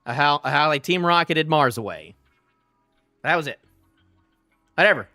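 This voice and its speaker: Young male streamer, high pitched, excitable fan rant, faint music underneath. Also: unhurried, pauses often. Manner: rambling and excitable, stumbling restarts, swears. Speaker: streamer reacting to a manga chapter. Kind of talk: live reaction rant, casual.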